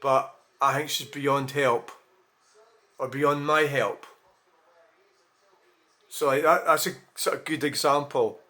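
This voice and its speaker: Speaking slowly and pausing often, a male vlogger gives a casual monologue in a medium-pitched, sharp voice with fairly even intonation. He's rambling and candid, swearing a lot and restarting his sentences.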